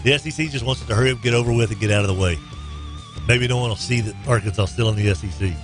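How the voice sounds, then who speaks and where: A man's voice: very fast, music in the background. A man hosting a morning radio show, joking through sports updates and live ad reads in a bouncy, playful way. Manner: jokey, bouncy delivery with swings in pitch.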